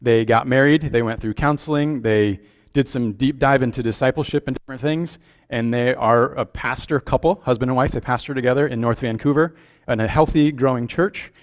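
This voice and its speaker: A man's voice: mid-range voice, brisk. A man preaching a sermon as pastor, speaking in an earnest, conversational way and checking in with the congregation with questions.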